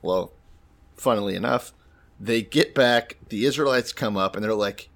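A man's voice: lowish voice, moderate pace. A man co-hosting a casual comedic chat, retelling a scripture story wryly with swearing and laughter. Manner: wry, swearing, laughs often. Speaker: podcast co-host.

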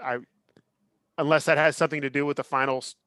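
A man in his thirties co-hosting a podcast, chatting casually in an animated, opinionated way with lots of restarts. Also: fairly high pitch, fast, no echo, studio quality. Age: 30s. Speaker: podcast co-host. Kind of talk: casual chat.

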